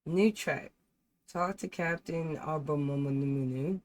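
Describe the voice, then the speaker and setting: A woman's voice: low voice, a little slow, a little mellow. A woman streaming a game, giving playful, casual commentary and reading the on-screen text aloud. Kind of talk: casual let's-play commentary.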